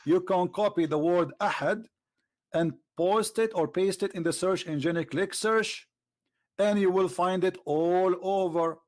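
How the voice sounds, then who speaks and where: A man hosting a heated live debate with a caller, mocking him and talking over him. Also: measured pace. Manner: mocking, talks over the caller, switches to a low aside voice. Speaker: host.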